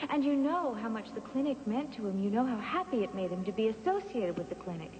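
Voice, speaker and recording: An actress playing a strong-willed grown daughter in a daytime soap opera, talking in an insistent, emphatic way. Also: female voice, on the high side, lively intonation, fast, a little mellow, in a large hall, slight background noise, natural voice, rough recording. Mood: consoling.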